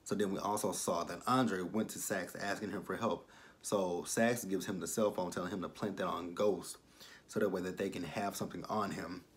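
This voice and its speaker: A man giving a casual, animated recap of a TV episode, acting out the characters' lines and swearing freely. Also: low-pitched, moderate pace. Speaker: TV episode reviewer.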